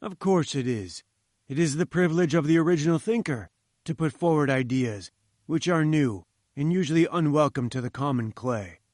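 A man's voice: fairly high pitch, moderate pace, a little mellow, dry recording, clean studio sound, close to an everyday voice. A man reading the lines of a pompous, condescending male professor who lectures in a lofty, patronizing manner. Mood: lecturing. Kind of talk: audiobook character voice.

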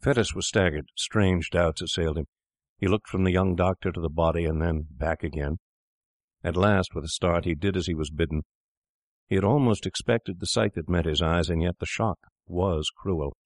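A man narrating a classic tale in a measured, grave manner. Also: sits low, dry recording, clean studio sound.

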